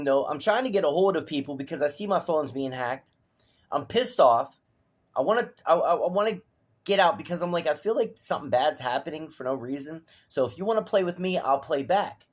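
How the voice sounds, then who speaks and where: A man ranting to the camera, profane and heated, veering from low mutters to shouts. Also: slightly rough. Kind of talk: angry personal rant to camera.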